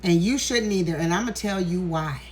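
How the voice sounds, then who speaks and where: A woman's voice: lowish voice, moderate pace, darkish tone, a little hiss or hum. A woman in an emotional vlog monologue, emphatic and preachy, near tears, swearing freely as she speaks into her phone indoors. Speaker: tarot content creator. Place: indoors, walking in a hallway.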